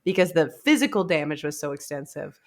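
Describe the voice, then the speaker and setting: A woman's voice: deep voice, lively intonation, a little fast. A woman co-hosting a casual book club podcast, thinking aloud in a rambling way with many "likes". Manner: thoughtful, rambling, hedging with "like".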